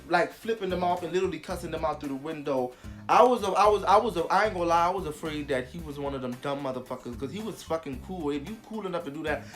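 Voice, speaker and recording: A young vlogger telling a story casually, animated and emphatic, with heavy swearing. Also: mid-range voice.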